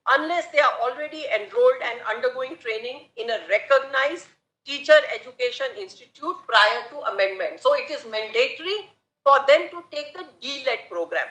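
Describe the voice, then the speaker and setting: A woman advocate with an Indian English accent making a formal, measured argument in court, deferentially addressing the bench. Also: high voice, animated, a bit bright. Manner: measured, deferential, repeatedly saying "my lords". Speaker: advocate arguing a case. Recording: echoey courtroom audio.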